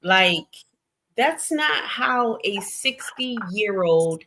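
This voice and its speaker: A young woman with a Southern American accent hosting a casual gossip stream, animated and laughing often, swinging between loud and soft. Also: mid-range voice, very slow, slight background noise. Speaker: stream host.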